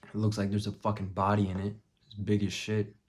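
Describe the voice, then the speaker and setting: Low, flat-voiced young man telling a story. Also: a little fast. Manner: profane, blunt, drops to a muttered hush for quoted thoughts. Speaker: vlogger. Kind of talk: casual storytelling vlog.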